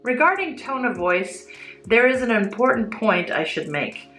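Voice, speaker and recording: A woman teaching English in a clear, deliberate, scripted lesson style. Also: fairly high pitch, big pitch swings, fairly bright tone. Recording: roomy echo, faint music behind.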